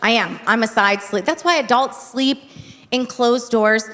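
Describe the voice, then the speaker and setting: Woman stand-up comic, chatty, confiding, slightly high voice, reverb of a live theater, faint noise. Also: unhurried, fairly bright tone. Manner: chatty, confiding, checks in with the crowd. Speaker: stand-up comedian. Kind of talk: stand-up comedy. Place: theater stage.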